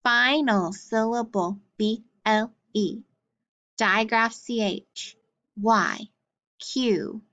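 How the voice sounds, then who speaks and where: Slow, deliberate woman teaching phonics. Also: a little high, a bit bright, lo-fi sound. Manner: sounds out words syllable by syllable, drilling letter cards.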